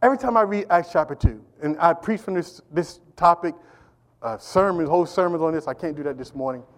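Middle-aged man, pastor, lively sermon, high voice, repeats himself, calls out to the congregation. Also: fairly quick. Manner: animated, repetitive, calls out to the congregation. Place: church.

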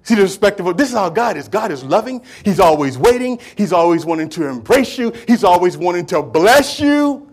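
A man delivering a sermon in an unusually high voice for a man. He talks to the congregation conversationally, with streetwise turns of phrase. He stacks repeated words and phrases for emphasis. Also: very animated, brisk. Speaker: preacher.

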